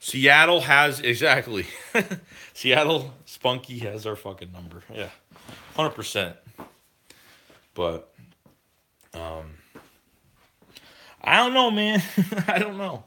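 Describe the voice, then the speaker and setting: A man talks live to his stream chat in a heated, swear-filled rant. His voice is sharp, forceful and tense. His pitch sits in an ordinary middle range. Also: very animated, takes it slowly, pauses often. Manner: profane, heated, ranting.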